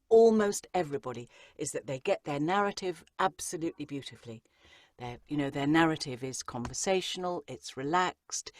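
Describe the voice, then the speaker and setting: A woman's voice: fairly low pitch, darkish tone, no echo. A middle-aged Englishwoman, an acting coach talking through her craft in an interview and slipping into playful voices to make her points. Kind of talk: interview on a podcast.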